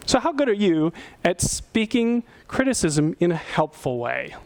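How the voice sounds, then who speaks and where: A man's voice: high voice, very animated, unhurried, gravelly, a little mellow. A middle-aged male pastor giving a sermon in a conversational way, often asking his listeners questions. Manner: conversational, asks the audience questions.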